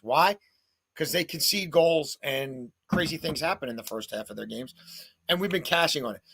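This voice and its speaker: A man rattles off soccer betting picks with punchy, jokey energy. His voice swings widely in pitch and sounds bright and fairly high. He leans into the lines like a showman. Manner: animated, jokey, punchy delivery. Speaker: sports betting show host.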